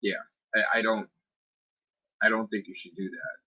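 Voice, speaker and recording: A man's voice: on the low side, little pitch movement, normal speed. A man hosts his own streamed talk show in a loose, profane rant. He keeps piling up rhetorical questions and fillers, sounding exasperated. The recording is a bit dull and lo-fi. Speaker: podcast host. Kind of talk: casual rant. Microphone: streaming microphone.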